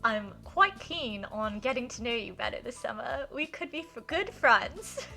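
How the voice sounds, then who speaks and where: A woman's voice: fairly high pitch, expressive, measured pace, gravelly, sharp tone, soft background music, heavily acted. Woman doing a hammy fake-British flirt. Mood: flirty. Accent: mock British. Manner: theatrical, overdone, giggly.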